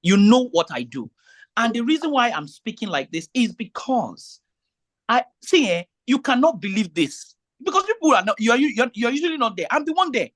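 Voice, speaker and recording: A man's voice: very high-pitched, sing-song, fairly quick, fairly bright tone. A man, an event MC talking to vendors in a meeting, emphatic and pleading, often repeating himself. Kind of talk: meeting talk.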